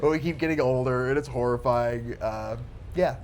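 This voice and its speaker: A man co-hosting a casual movie chat podcast, talking in an anxious, reflective way, swearing and laughing softly between thoughts. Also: mid-range voice, moderate pace, a little hiss or hum. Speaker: podcast co-host.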